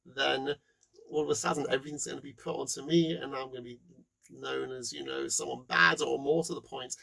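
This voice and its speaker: A man giving a presentation, animated, acting out quotes and laughing now and then. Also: mid-range voice, a little fast, creaky, low-quality recording. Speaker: speaker. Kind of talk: presentation talk.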